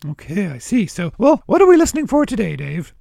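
A friendly, curious cow with a squeaky high voice that swings up and down. He sounds cheerful and eager, with a gravelly rasp and a dry, close sound. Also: huge pitch swings, brisk, darkish tone, no room sound, exaggerated voice. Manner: cheery, eager, mooing puns. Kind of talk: children's podcast puppet comedy.

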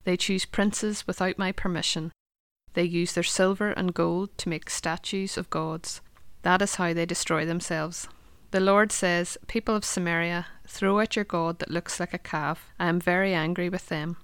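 A woman reads a Bible passage in a clear, measured way. Her voice sits a little low with a gravelly edge, and the sound is dry and close. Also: steady tone, a bit bright, no room sound. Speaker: scripture reader. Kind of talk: Bible reading.

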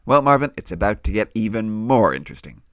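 Northern Irish man, kids' Bible host, low voice with a lively lilt, dry close mic. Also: fast, dry recording. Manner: gentle, patient, explains plainly to children. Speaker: children's Bible podcast host. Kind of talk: warm scripted kids' Bible teaching.

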